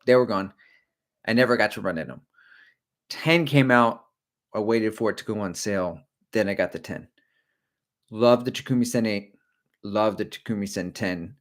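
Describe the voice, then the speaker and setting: Brief: middle-aged male host, casual rambling livestream chat, slightly low pitch, jokey asides. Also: moderate pace, pauses often. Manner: rambling, jokey, talks to viewers; slips briefly into silly character voices. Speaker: running channel host.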